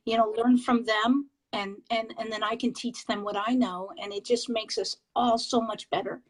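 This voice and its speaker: A woman with a somewhat high voice tells her ghost-hunting experiences on a video call. She talks in a halting, excitable way, breaking off and restarting her sentences and filling gaps with "um". The sound is a casual interview. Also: rough recording. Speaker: paranormal investigator guest.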